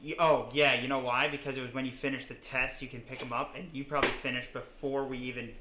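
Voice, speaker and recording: A man's voice: medium pitch, level tone, quick pace. A young man co-hosting a podcast, joking and playful with many fillers. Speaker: podcast co-host. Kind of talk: casual chat. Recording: echoey room, faint background noise.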